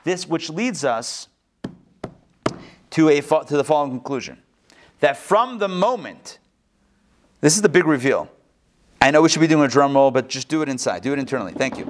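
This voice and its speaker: A man, a rabbi, teaching a text study class in a playful, animated way full of rhetorical questions and jokes. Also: on the high side. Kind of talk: joking, interactive text study lecture.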